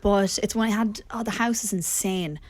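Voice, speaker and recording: A woman in her twenties with an Irish Longford accent, a podcast guest telling stories in lively casual chat. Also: medium pitch, normal speed, a crowd in the background. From Ireland. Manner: lively storyteller, chatty and animated.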